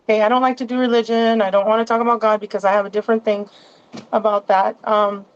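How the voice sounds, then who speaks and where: A woman's voice: mid-range voice, flat delivery, fast talker, clean tone, lo-fi sound. A woman as a guest in a casual interview, rambling along with many restarts and asides.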